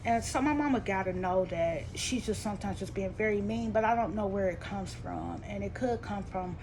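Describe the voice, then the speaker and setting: A woman's voice: moderate pace, noisy background. Woman venting emotionally in a rambling vlog. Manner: rambling and heartfelt, with many restarts and fillers; voice rises and tightens when upset, falls soft and low when sad. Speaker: vlogger. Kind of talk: emotional personal storytelling to camera.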